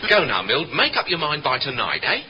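An actor playing a pushy young boyfriend, brash and persuasive, in a radio sitcom. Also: male voice, a little high, huge pitch swings, moderate pace, dull audio, slight background noise. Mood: persuading. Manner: brash, wheedling.

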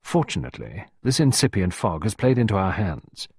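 A man's voice: fairly low pitch, big pitch swings, normal speed, a little mellow, husky, dry recording, clean studio sound, full character voice. A man doing a pompous, secretive official. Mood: self-important. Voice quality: grave, solemn, self-important.

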